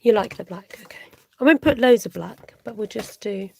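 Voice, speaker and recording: A woman's voice: mid-range voice, animated, normal speed, creaky, background noise. A woman hosting a live crafting stream, thinking aloud, humming and chatting with viewers.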